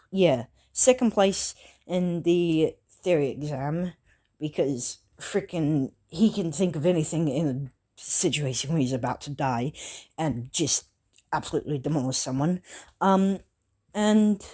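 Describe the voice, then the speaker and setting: A woman's voice: sits low, mellow. A woman improvising a fan story aloud, rambling with many fillers and self-corrections.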